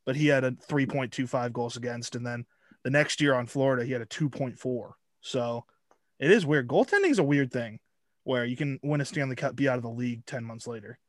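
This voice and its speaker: A man with a mid-pitched voice chats on a sports podcast, dry and a little skeptical. He reads numbers aloud and pokes fun at them. The sound is dry and close. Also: a little fast, no echo. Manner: wry, skeptical, reads out stats. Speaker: hockey podcast co-host. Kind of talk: casual chat.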